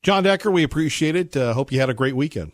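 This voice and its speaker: A man's voice: fairly high pitch, expressive, fast talker, no echo. A male talk radio host in a studio, chatty and upbeat, introducing guests and callers. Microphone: studio microphone.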